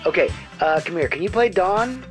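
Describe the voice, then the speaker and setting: A woman hosting a comedy show, introducing readings with wry, deadpan asides. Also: lowish voice, moderate pace, soft background music. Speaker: host. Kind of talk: comedic podcast narration.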